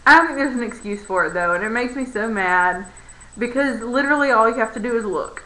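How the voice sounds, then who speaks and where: A woman's voice: a little high, animated, fairly quick, bright, forceful tone. A young adult woman, a barista, ranting to camera in a sarcastic, exasperated way. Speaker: barista vlogger. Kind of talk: casual rant to camera. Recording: roomy echo.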